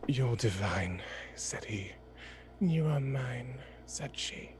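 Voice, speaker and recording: A player reads aloud at a very slow pace, the voice rising and falling in a lively way and dropping to a whisper on some lines. The delivery is gentle, with a soft ASMR feel. Faint ambience sits underneath. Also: mid-range voice, a little hiss or hum. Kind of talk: ASMR tabletop game and slow poetry reading.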